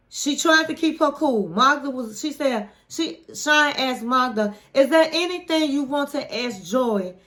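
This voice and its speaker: A woman with a high, bright voice retells a reality TV episode in a casual, gossipy way, taking her time. She acts out everyone's lines and keeps calling the listener honey. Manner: chatty, animated retelling with quoted voices, says "honey". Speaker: reality TV recap host. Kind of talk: casual recap vlog.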